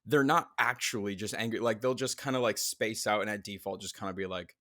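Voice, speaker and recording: A man's voice: fairly low pitch, brisk, fairly bright tone, no room sound, studio quality. A man co-hosting a casual podcast, rambling and playful, laughing often. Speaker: podcast co-host. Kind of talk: casual chat.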